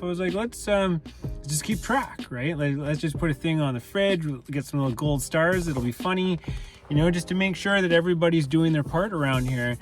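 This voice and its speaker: Rambling, candid man with raised pitch. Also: fairly quick, soft background music. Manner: rambling, candid, many fillers and restarts. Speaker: channel host. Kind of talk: casual personal monologue.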